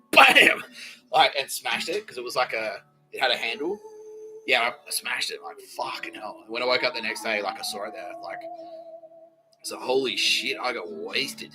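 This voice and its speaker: An Australian man hosting a solo comedy podcast, rambling and profane, laughing often and slipping into quick impressions. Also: mid-range voice, low-quality recording. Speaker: podcast host.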